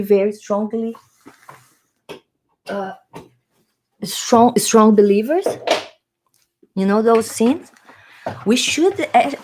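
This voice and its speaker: A woman's voice: medium pitch, a little mellow. Rambling, hesitant woman vlogger. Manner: rambling, hesitant, searching for words. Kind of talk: casual musing monologue.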